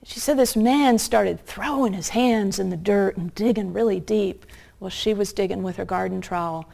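A woman with a mid-range voice delivers a sermon through a story. She speaks earnestly and slows down to stress her points. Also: mid-range voice, vocal fry, warm tone.

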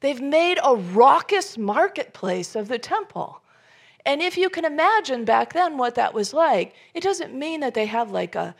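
A woman preaching a sermon, telling the story with animated voices, rising to loud emphasis and dropping to soft near-whispers. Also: on the high side, vocal fry. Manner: animated storytelling, acting out Jesus' lines. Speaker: pastor.

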